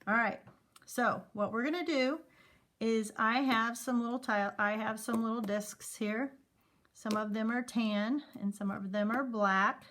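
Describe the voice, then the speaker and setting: A woman teacher leading a phonics lesson for young students, sounding out letter sounds slowly and clearly and encouraging the children. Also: fairly high pitch, a bit bright.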